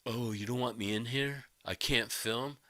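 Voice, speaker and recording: A man's voice: mid-range voice, a little slow, bright, forceful tone, no echo. A man mocking a whiny self-important guitarist. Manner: mocking, whining impression.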